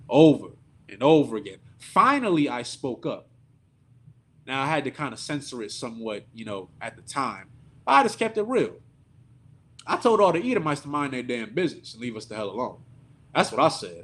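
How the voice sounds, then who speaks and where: Male preacher, sermon storytelling, husky, lively pitch, indignant, conversational.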